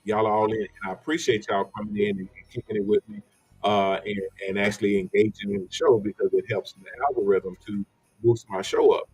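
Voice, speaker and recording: A man's voice: fairly low pitch, steady tone, fairly quick, darkish tone, breathy edge, no room sound, soft background music, low-quality recording. A man hosting a livestream in a casual, rambling way, often repeating himself and greeting viewers by name. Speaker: livestream host.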